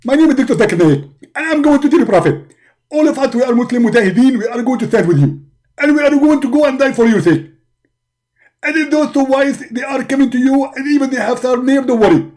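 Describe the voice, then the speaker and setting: A man puts on a preacher who declaims loudly and rapidly, piling up promises. The voice is forceful in delivery and sits on a mellow tone. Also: very high voice, lively intonation. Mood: bombastic. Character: loud, fast-talking male preacher, spits while talking.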